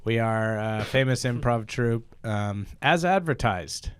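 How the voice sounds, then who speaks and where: A man's voice: medium pitch, expressive, measured pace, clean tone, no echo. A man co-hosting a comedy podcast, playful and rambling, playing a mock showman as he introduces improv scenes.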